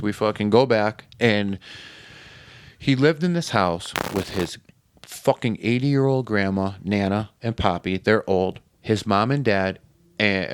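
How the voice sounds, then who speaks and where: A man's voice: lowish voice, smooth, no room sound. A man from Connecticut telling a story as a podcast guest in casual, profane chat. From New Haven, Connecticut.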